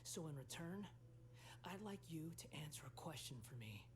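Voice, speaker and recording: A voice actor playing an aloof, sardonic young male puppet-god in a game, speaking in a cool, clipped, soft-spoken way. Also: on the high side, lively intonation, moderate pace, slight background noise, lightly acted. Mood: tired. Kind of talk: game cutscene dialogue.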